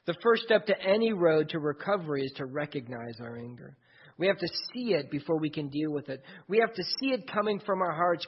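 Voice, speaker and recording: High, husky-voiced male preacher. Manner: earnest, second-person storytelling. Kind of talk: sermon. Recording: dull lo-fi recording.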